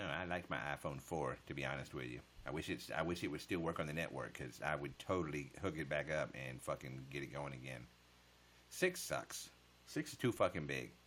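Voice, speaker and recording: A man's voice: extremely low pitch, pushed and bright. A man chatting casually on a livestream, answering viewer comments with profane smart-aleck jokes.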